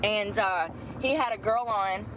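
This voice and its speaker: A woman's voice: medium pitch, unhurried. A woman chatting in a rambling, gossipy vlog outdoors near a store. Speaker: vlogger. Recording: outdoor traffic noise.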